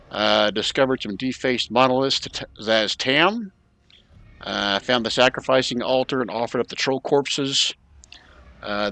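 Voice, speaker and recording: A man's voice: mid-range voice, no room sound. A man acting as game master, casually opening a tabletop session and reading a recap aloud. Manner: relaxed, casual, reads recap aloud with filler uhs. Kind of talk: running a tabletop game over voice chat.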